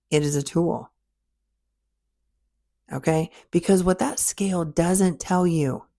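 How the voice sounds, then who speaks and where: Podcast host, woman, deep gravelly voice, direct motivational coach who hammers points home. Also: warm tone. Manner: direct coaching, emphatic repetition.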